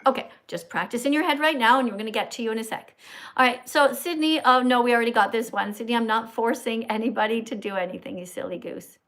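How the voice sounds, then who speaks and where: A woman's voice: on the high side, fairly bright tone. Blunt, bossy woman live-streaming. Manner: quick asides to viewers. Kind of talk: casual live-stream chat.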